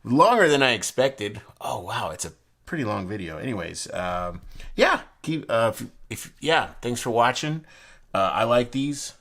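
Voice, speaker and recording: A man's voice: medium pitch, sing-song, unhurried, creaky, fairly bright tone. A man casually reviewing a deck of playing cards and explaining a trick, rambling with frequent restarts and bursts of enthusiasm.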